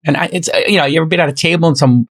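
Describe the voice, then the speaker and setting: Fast-talking animated male podcast host. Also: on the high side. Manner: animated storyteller acting out both sides of conversations. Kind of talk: casual chat.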